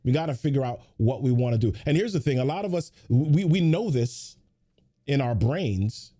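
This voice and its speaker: A man's voice: medium pitch, lively intonation, moderate pace, mellow. A man hosting a weekly motivational livestream, giving a pep talk full of repeated rhetorical questions and chatty greetings to viewers.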